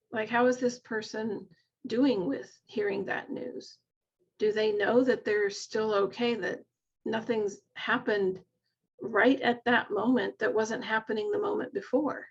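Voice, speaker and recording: Earnest nurse coach woman, husky gravelly voice. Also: a little high, lo-fi sound. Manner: earnest and heartfelt, retelling patient stories. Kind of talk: reflective conversational storytelling. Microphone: video call.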